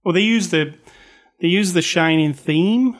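Man, higher-pitched voice, casual opinionated chat, repeats words as he restarts. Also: a little slow. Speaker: co-host discussing a film.

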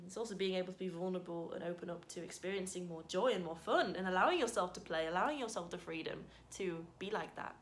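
A woman talking casually to her camera in a heartfelt vlog, thanking viewers and reflecting softly with sudden bright bursts. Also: fairly low pitch, fast, a little hiss or hum. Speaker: vlogger.

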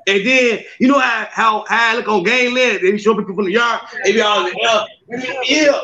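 Male guest: excitable storyteller, bright, gravelly, stammering, lo-fi sound. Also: high voice, fairly quick, few pauses. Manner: excitable, stammering, laughing, shouting bursts. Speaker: skit creator and guest. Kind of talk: casual storytelling. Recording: slightly muffled lo-fi audio.

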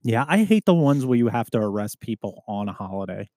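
Lively, teasing podcast host. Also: male voice, lowish voice, a little fast, no room sound, clean studio sound. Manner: teasing, reactive banter. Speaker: first responder podcast host. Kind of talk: casual podcast chat.

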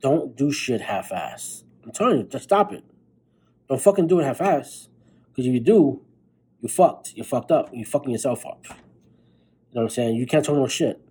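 A man's voice: medium pitch, lively intonation, fairly quick, mellow, husky, poor audio. Profane fired-up podcast man. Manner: blunt, profane, fired-up pep talk. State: tired, recording late at night. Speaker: podcast host. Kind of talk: motivational monologue.

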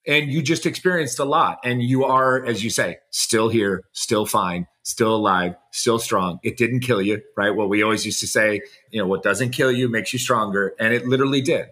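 A man's voice: fairly low pitch, moderate pace, hardly any pauses. Effusive male podcast co-host. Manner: effusive, heavy use of "like", warm praise. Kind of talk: casual chat.

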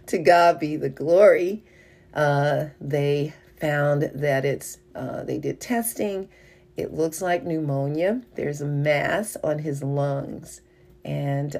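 An older woman, a mother and wife, telling a personal testimony story, animated and laughing as she goes. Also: low-pitched. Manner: animated, rising when excited, laughs while telling.

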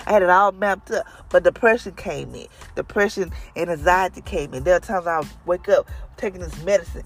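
A woman's voice: on the low side, brisk, hardly any pauses, soft background music. A middle-aged woman and mother giving an earnest faith testimony to her viewers, stressing her points by repeating phrases. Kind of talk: heartfelt faith talk to viewers.

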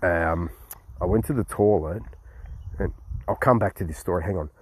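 A man's voice: deep voice, moderate pace, slightly rough. A man with an Australian accent telling a travel story in a rambling way, swearing often and restarting sentences. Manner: rambling and profane, with many restarts. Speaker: travel vlogger. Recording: noisy recording with clicks. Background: steady background noise.

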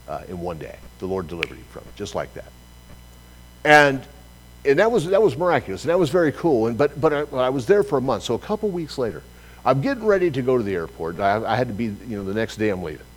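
A man preaching a sermon, telling a personal story with lively acted-out dialogue. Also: medium pitch, poor audio. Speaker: pastor.

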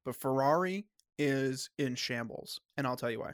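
A man hosts a casual sports podcast and argues his picks firmly, stumbling and restarting as he goes. He has a slight cough. His voice is mid-pitched and sits close and dry on the mic. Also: no room sound. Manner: opinionated, halting with restarts. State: coughing, clearing throat. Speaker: podcast host.

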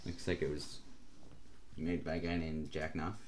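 Very deep-voiced young man, deadpan. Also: normal speed, a little hiss or hum. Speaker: podcast co-host. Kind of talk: casual chat.

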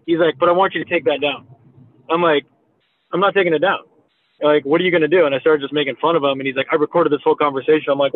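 Guy in his 30s rambling thru a story, swears a lot, lo-fi phone-ish sound. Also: a little high. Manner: rambling, profane, full of "like" and "you know". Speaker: meme creator guest. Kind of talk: casual storytelling in a podcast chat. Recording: tinny phone-like audio.

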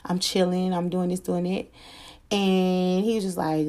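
A woman chatting to her viewers in a loose storytime style, candid and full of slang, with a warm, mellow tone. Her voice sits a little low, and she talks plainly and openly, swearing freely as she goes. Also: little pitch movement, measured pace. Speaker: vlogger telling a personal story. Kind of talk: casual storytime chat.

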